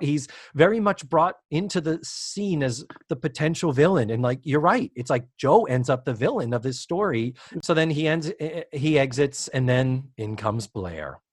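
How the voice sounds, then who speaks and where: A man co-hosting a casual recap chat, animated and quick to laugh, acting out the characters' lines as he goes. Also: mid-range voice, no echo, clean studio sound. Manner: animated, acts out quotes with big laughs. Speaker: podcast co-host.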